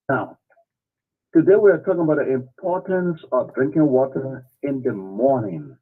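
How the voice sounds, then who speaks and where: A man giving a step-by-step health talk, repeating his points with emphasis. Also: a little high. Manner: repetitive, emphatic, step-by-step advice. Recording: phone line, husky and lo-fi.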